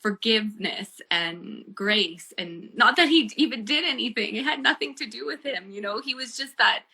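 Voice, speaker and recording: Bright-voiced woman telling her story. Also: fairly high pitch, normal speed, creaky. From Canada. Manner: earnest, animated, many fillers. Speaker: guest, bereaved mother and author. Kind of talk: casual storytelling chat.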